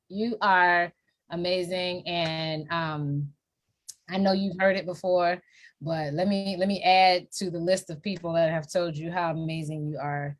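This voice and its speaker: A woman from New York with a New York accent, hosting a casual live-stream interview and cheering her guest on with playful, lively energy. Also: fairly low pitch, measured pace. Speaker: host.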